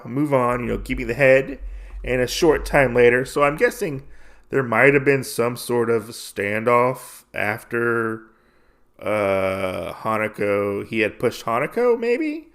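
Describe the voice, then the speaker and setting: Speaking in a mid-range, fairly bright voice, a male podcast host recaps a comic story. His retelling is casual and rambling, packed with fillers, and he loosely voices the characters along the way.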